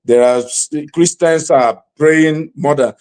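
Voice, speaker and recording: A man hosting a panel debate, speaking haltingly with many fillers before arguing firmly. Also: fairly high pitch. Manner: halting, many fillers, then forceful argument. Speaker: talk show host.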